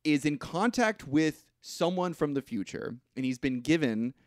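A man co-hosting a podcast, recapping a movie in casual chat, rambling and halting with restarts and swearing. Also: a little high, expressive, dry recording, clean studio sound. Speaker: podcast co-host.

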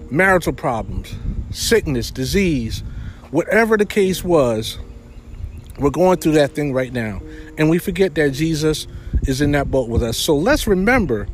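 A man preaching a sermon in a conversational way, retelling a Bible story with frequent fillers. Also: fairly high pitch.

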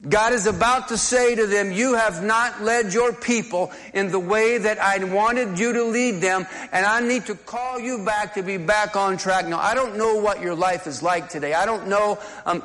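A man's voice: high-pitched, fairly even intonation, normal speed, few pauses, a bit bright, big-room sound. A man preaching a sermon as pastor, talking conversationally and often restarting and repeating words.

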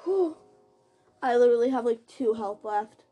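Jumpy, high-pitched woman gamer. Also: a little fast, soft background music. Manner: excitable, gasping, jumpy reactions. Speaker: gamer narrating her play. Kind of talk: live game commentary.

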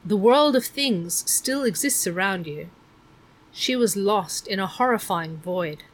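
A woman narrating a children's novel in a measured, expressive reading. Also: mid-range voice. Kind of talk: audiobook narration.

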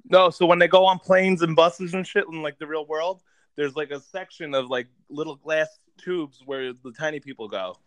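Chatting casually with friends, a man recounts a movie plot at length, rambling, swearing freely and relying on filler words. His voice is slightly higher than usual and his pace is normal. The recording is dry and low in quality.

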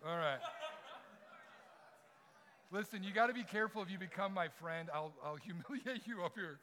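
A middle-aged man preaching to a room full of people, his voice sitting a little high for a man. He tells his stories with animation and acts out the quoted lines loudly. His delivery builds from quiet, earnest points to lively bursts. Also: moderate pace. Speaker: campus ministry speaker. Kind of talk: sermon with personal stories. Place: large room with audience.

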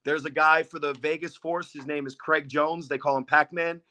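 A man's voice: on the high side, flat delivery, moderate pace, pushed and bright. A man in his thirties, a guest on a casual podcast, joking and mocking himself, swearing freely. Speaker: podcast guest, football quarterback.

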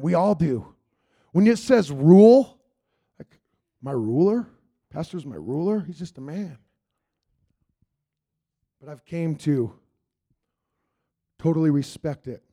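A man's voice: on the high side, gravelly, mellow. A man giving an earnest, rambling church testimony that drifts into spoken prayer, repeating "Lord God.".

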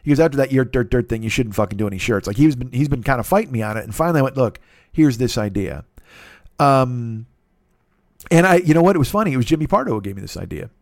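Fast-talking, profane male podcast host. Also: mid-range voice, expressive, no echo, clean studio sound. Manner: rambling, profane, self-deprecating, quick asides. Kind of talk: profane solo podcast monologue.

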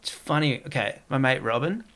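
A man's voice: medium pitch, animated, fairly quick, fairly bright tone. A man in casual podcast chat, rambling and peppering his talk with "like". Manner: rambling, heavy use of "like".

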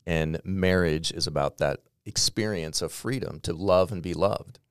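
Earnest middle-aged pastor on a podcast, very deep voice, dry close sound. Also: male voice, unhurried, clear, resonant tone, dry recording. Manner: earnest, explanatory, emphatic. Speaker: executive pastor. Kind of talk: podcast conversation.

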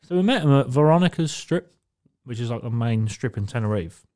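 A man's voice: medium pitch, lively intonation, fairly quick, a little mellow, no echo, clean studio sound. A young man from England co-hosting a podcast, telling stories in a laid-back, sweary way. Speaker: podcast co-host. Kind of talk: casual chat.

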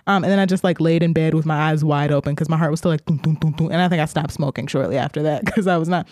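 A woman's voice: low-pitched, rapid-fire, darkish tone, no room sound, studio quality. A woman podcast co-host telling a story in casual chat, laughing often and acting out the voices she quotes.

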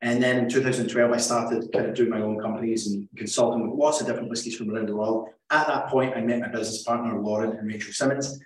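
A man's voice: mid-range voice, fairly even intonation, fast talker, hardly any pauses. A Scottish man in his forties chats as a guest, joking easily and laughing often. He sits some distance from the mic in an echoey room. Faint noise hums behind him. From Scotland. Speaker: whiskey company co-founder, guest. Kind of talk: casual interview chat.

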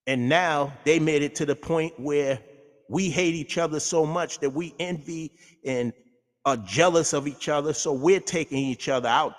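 A man rants through a heated, profanity-filled talk-show monologue. His voice sits a little high for a man. It carries a long, reverberant room sound. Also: normal speed. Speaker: radio show host.

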